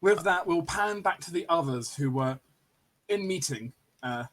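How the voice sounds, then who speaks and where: Breathy man as game master. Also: fairly high pitch, lively intonation, unhurried, a bit bright. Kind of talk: narrating a tabletop game.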